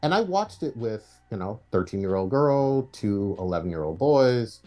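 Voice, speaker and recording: A man's voice: fairly low pitch, sing-song, normal speed, darkish tone, soft background music. A man co-hosting a livestream podcast, giving blunt, profane criticism in casual chat. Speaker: podcast co-host.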